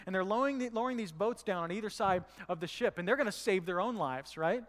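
A man's voice: sits high, fast talker, fairly bright tone, long reverb tail. A man preaching a sermon in a casual, conversational way, telling stories and acting out quotes. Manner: conversational, storytelling with acted quotes. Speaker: pastor. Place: church.

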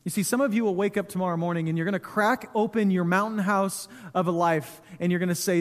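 A man in his thirties preaching a sermon in a church, telling stories in a relaxed, conversational way with touches of humor. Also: high voice, quick pace, few pauses. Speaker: pastor. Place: church sanctuary. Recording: long hall reverb.

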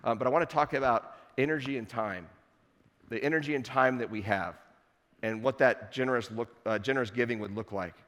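A man preaching a sermon to his congregation in a relaxed, conversational way with playful asides. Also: mid-range voice, fairly quick, big-room sound. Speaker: pastor. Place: church sanctuary.

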